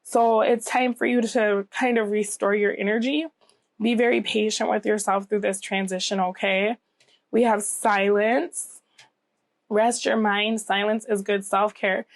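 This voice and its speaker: A woman's voice: medium pitch, steady tone, unhurried, dry recording. A woman giving a casual tarot reading to camera, a bit scratchy and nasal from a cold she is getting over, reassuring and often checking in with "okay?". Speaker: tarot reader.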